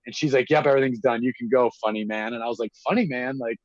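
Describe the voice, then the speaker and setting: A man, telling stories in casual chat, animated and acting out quotes with lots of fillers and swearing. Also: medium pitch, quick pace, no room sound. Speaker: guest telling prison stories. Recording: dull lo-fi dry recording.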